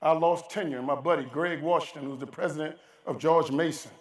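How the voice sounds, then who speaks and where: A man's voice: on the high side, a little fast, distant mic. A man giving a motivational keynote speech, telling stories in a folksy, emphatic way and acting out the dialogue. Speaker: keynote speaker. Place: large conference hall. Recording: roomy hall, voice from off-mic.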